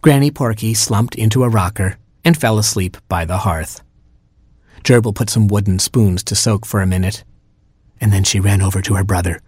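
Low husky man reading a storybook. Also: fairly even intonation, normal speed, a little mellow, dry recording, clean studio sound. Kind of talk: storybook read-aloud.

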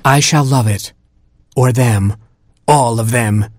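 A man's voice: medium pitch, slow pace, dry recording. A man voicing a wistful, weepy queen in a storybook reading, in a plaintive, lilting voice. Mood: firm.

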